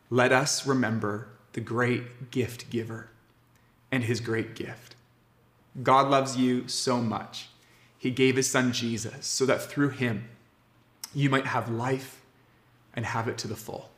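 Man, pastor, sermon, earnest, emphatic pauses, mid-range voice, echoey church room. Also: medium pitch. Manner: earnest, warm preaching with slow emphatic pauses. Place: church sanctuary.

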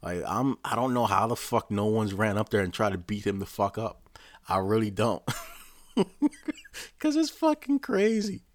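A man with a very low voice delivers a rambling, profanity-heavy rant, speaking casually to his own channel. He restarts his sentences often and swears constantly. The sound is dry and close, with no room echo. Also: steady tone, normal speed. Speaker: vlogger.

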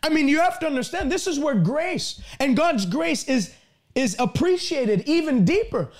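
A man preaching a sermon, reading scripture aloud with slow, emphatic stresses. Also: very high voice, lively intonation.

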